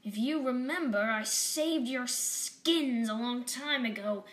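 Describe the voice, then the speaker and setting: Lady voicing a brave cat heroine, steady and slow, echo in the room. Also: fairly high pitch. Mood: resolute. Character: determined female cat leader, friend to all realms.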